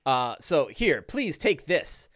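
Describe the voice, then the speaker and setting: A man voicing an older male farmer and retired adventurer, loud and effusively grateful. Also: on the high side, sing-song, takes it slowly, exaggerated voice. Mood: generous.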